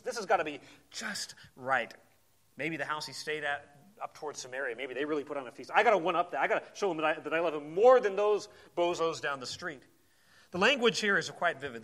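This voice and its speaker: A man preaching a sermon in a conversational, animated way, often repeating words as he goes. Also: on the high side.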